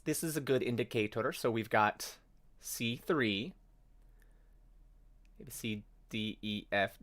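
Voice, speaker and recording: A man's voice: lowish voice, a bit bright. Rambling young man chatting on a music stream. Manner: rambling, self-correcting, breaks into sung notes. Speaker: livestream host. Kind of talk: casual livestream chat about songwriting.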